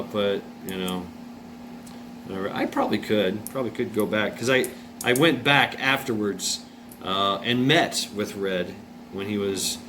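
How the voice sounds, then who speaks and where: A man telling a personal story in a casual, rambling way, repeating himself, restarting, filling pauses with uh and swearing bluntly. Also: fairly low pitch. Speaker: vlogger. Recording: noisy room with air conditioner hum. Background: air conditioning hum.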